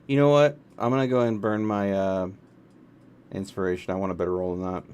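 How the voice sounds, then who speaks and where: A man playing a tabletop role-playing game, asking questions and thinking aloud in a wry, halting way. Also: deep voice, flat delivery, darkish tone, slight background noise. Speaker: player. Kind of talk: casual tabletop game chat.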